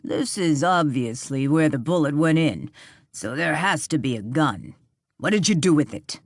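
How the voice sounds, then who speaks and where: A woman's voice: low-pitched, expressive, moderate pace, no echo, clean studio sound. A woman voicing a harsh, suspicious man who barks demands in an audiobook. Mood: demanding.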